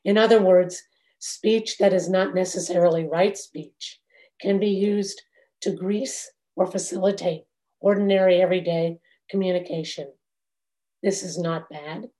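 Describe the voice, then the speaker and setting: Slow, mellow-voiced woman giving a dharma talk. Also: fairly low pitch, steady tone. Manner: measured and reflective, with long pauses. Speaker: meditation teacher.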